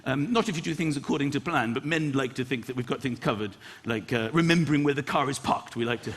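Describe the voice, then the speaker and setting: A man doing a stand-up comedy routine on stage and hosting, animated, breaking into loud acted-out voices. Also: medium pitch, fast talker. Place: comedy stage, live audience. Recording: live audience noise.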